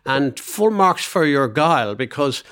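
A man's voice: on the high side, sing-song, a little slow, fairly bright tone. A man in his seventies co-hosting a podcast, telling long rambling anecdotes in casual chat. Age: 70s. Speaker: podcast co-host.

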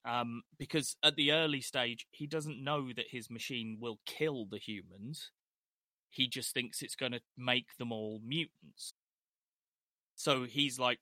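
A man's voice: mid-range voice, unhurried, bright, forceful tone, no room sound, clean studio sound. A middle-aged man co-hosting a casual film discussion podcast, chatty with hesitant restarts. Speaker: podcast co-host.

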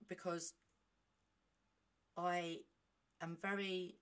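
A woman talking casually on her own podcast, animated and self-mocking, reading aloud with chatty asides. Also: on the low side, extremely slow, smooth. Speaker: podcast host. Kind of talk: casual solo monologue.

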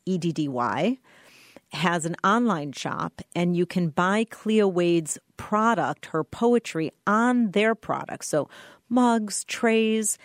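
Gushing woman co-host, low and dry. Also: animated, takes it slowly, no echo. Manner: enthusiastic, gushing recommendations. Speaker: podcast co-host. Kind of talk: casual chat.

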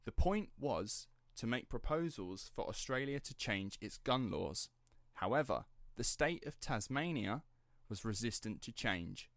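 A man's voice: mid-range voice, lively intonation, unhurried, gravelly, hardly any pauses, fairly bright tone, no echo, studio quality. A young man hosting a casual true-crime podcast, chatty and rambling, swearing and laughing easily as he tells the story. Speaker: podcast host telling the story.

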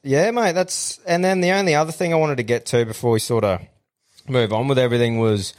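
Brief: young Australian man, podcast co-host, crude and swearing, animated storyteller. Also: medium pitch, brisk. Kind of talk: casual chat.

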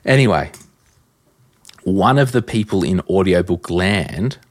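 An Australian man hosting a podcast, telling stories in a casual, animated way and acting out conversations. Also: low voice, unhurried. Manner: animated storyteller, acts out quoted exchanges. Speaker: podcast host. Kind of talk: casual chat.

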